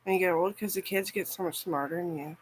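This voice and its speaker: A woman's voice: lowish voice, quick pace, a little hiss or hum, rough recording. A woman vlogger chatting casually and rambling, swearing freely and filling her talk with "like". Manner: rambling, profane, frequent "like".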